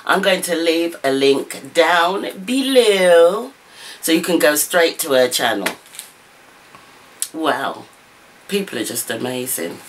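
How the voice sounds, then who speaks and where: A woman's voice: extremely low pitch, slight background noise. A woman craft vlogger unboxing a parcel, gushing and exclaiming over and over. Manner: gushing, excitable, repeated exclamations. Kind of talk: unboxing vlog. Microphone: camera mic.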